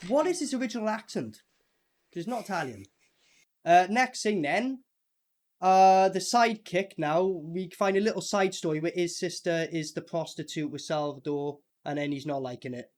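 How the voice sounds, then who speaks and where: A man's voice: fairly high pitch, normal speed. A young man hosting a film review chat, sweary and mocking, often talking over his co-host. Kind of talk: casual chat.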